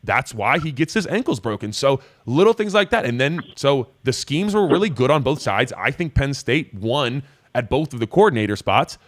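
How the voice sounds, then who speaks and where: A young adult man hosting a live call-in show, breaking down football film in a casual, animated way. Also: mid-range voice, normal speed, hardly any pauses, no room sound. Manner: casual, animated, voices players' thoughts. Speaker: host.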